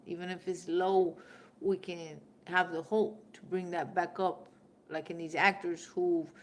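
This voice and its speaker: Woman in her middle years, spiritual livestream host, brash and profane, loud bursts then hushed asides, casual chat with viewers. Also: fairly low pitch, a little hiss or hum.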